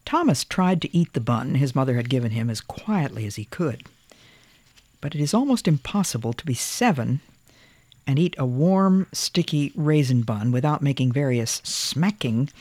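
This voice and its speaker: A storyteller reading a picture book aloud in a gentle, expressive way. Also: mid-range voice, a little slow, no room sound.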